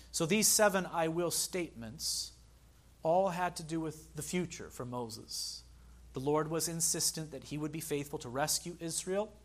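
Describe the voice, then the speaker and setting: A man preaching a sermon as pastor, earnest, slowing down to stress key phrases and speaking directly to the congregation. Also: medium pitch.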